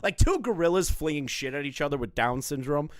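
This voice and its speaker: Animated, foul-mouthed male streamer. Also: on the high side, a little fast, no echo, clean studio sound. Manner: crude, profane, mocking, excitable. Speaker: drama commentary streamer. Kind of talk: casual live-stream commentary.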